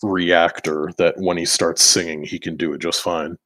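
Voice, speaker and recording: Low-voiced man rambling at a game table. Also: flat delivery, moderate pace, sharp tone. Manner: loose, rambling, swears a lot, laughs between lines. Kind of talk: casual game chat in and out of character.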